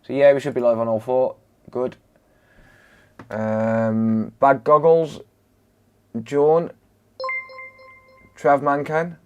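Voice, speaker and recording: Brief: male streamer, mid-pitched, slow and relaxed, friendly chat roll call. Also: clean tone, highs cut off. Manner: greets chat members one by one, laid-back banter. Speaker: live-stream host, electronics repairer. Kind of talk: casual live-stream chat.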